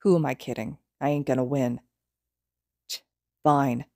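A woman's voice: fairly even intonation, unhurried, creaky, mellow, dry recording, clean studio sound, exaggerated voice. A woman voicing a hot-tempered teenage boy with a curt, grumbling way of talking. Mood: gruff. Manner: curt, grumbling, low-voiced.

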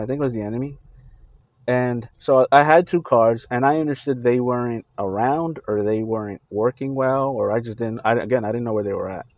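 A man on a Christian video channel recounting his dreams in a casual, halting way, with many fillers and restarts. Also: medium pitch, a little mellow, no echo, dull audio.

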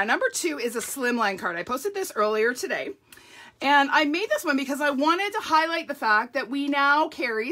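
A bright-toned woman leads a live crafting demo from her home craft room. She chats casually and laughs often, and her voice is a little croaky from a runny nose. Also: a little high. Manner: chatty, laughs often, says "like". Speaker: papercraft demonstrator.

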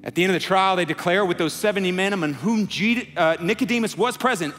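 Man, young adult, pastor's sermon, conversational, slightly high voice, big hall reverb, faint music underneath. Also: fast, hardly any pauses. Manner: conversational, acts out quotes, builds to impassioned near-shouting. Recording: long hall reverb, soft music behind.

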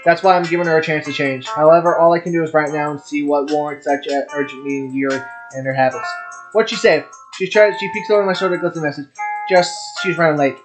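A man's voice: on the high side, steady tone, fast, music in the background. A young man hosting a game playthrough, reading the story text aloud and cutting in with profane, irreverent remarks. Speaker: let's play host.

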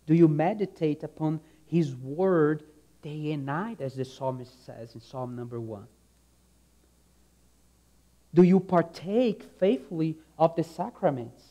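A preacher delivers a sermon slowly and deliberately, his voice a little high, warm and mellow. He speaks earnestly and emphatically, often repeating a key phrase and letting the ends of lines trail off softly.

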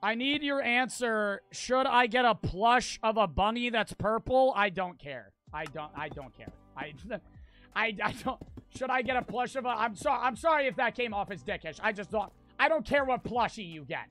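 A young man with an American accent, streaming a game live and talking to his chat, profane and quick to get frustrated. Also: high voice, big pitch swings, pushed and bright, soft background music. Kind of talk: casual livestream gameplay chat.

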